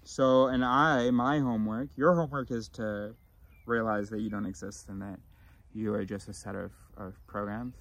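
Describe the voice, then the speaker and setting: A man vlogging in a rambling, philosophical monologue, often restarting his sentences and swinging between loud and mumbled. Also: fairly low pitch, fairly even intonation, moderate pace, no echo. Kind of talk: casual rambling monologue to camera.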